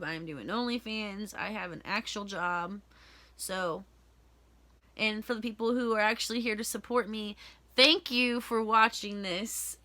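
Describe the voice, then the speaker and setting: A woman's voice: medium pitch, pushed and bright, dry recording. A young woman telling a story-time vlog, heated and ranting with lots of swearing. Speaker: vlogger.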